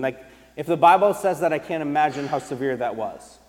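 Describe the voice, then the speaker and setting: A man preaching a sermon as pastor, animated and emphatic, repeating key phrases and restarting sentences as he goes. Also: on the high side, a little fast, big-room sound. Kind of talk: sermon with storytelling.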